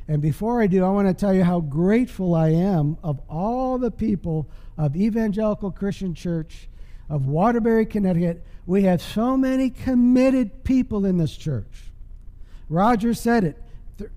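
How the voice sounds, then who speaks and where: A male pastor with a high, mellow voice preaches in a church, using an emphatic call-and-response style and checking in with the congregation. The recording carries a long hall reverb.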